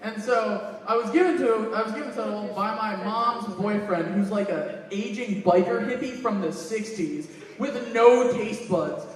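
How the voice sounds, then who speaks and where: High-voiced man doing stand-up in echoey hall. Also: moderate pace, hardly any pauses. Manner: profane storytelling, acting out quoted lines. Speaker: stand-up comedian. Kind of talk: stand-up comedy. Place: convention panel room. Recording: echoey hall, mic from far off.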